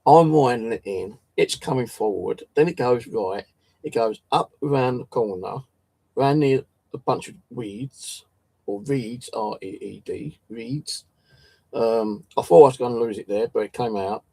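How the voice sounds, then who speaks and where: A man's voice: mid-range voice, moderate pace, mellow, no room sound. A man telling a story in a casual, rambling way, swearing often and tripping over his words. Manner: swears a lot, restarts and stumbles. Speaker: channel host.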